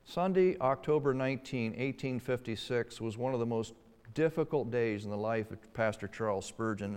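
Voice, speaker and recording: A man preaching a sermon, swinging between emphatic rises and hushed, slow passages. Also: mid-range voice, clean tone. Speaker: pastor. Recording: long hall reverb.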